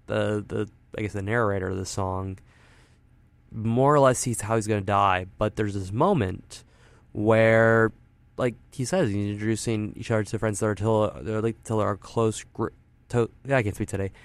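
A man hosting a show, speaking in a casual, reflective monologue. His voice is low, smooth and gravelly, his words earnest and musing, sometimes dropping away softly. The sound is dry and close. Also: no echo. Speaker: show host presenting songs.

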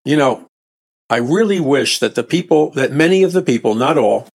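A man's voice: mid-range voice, lively intonation, normal speed. Man, preacher, sermon delivery, emphatic, repeats himself, surges in intensity. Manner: emphatic, repeats and restarts phrases, rising to bursts of intensity.

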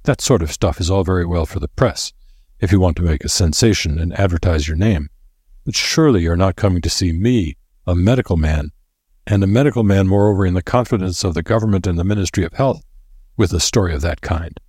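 Imagine a man reading a pompous, condescending senior physician in a storybook, his deep voice turning haughty and dismissive. The tone has a husky grain and sits dry and close, with no room around it. He talks down to his listener. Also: fairly quick, darkish tone, dry recording.

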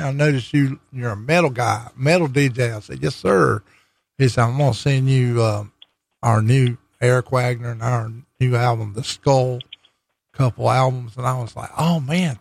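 A man's voice: medium pitch, vocal fry, no room sound. A man with a Southern US accent, a chatty radio DJ hosting a casual interview in an easygoing way. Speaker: radio DJ host.

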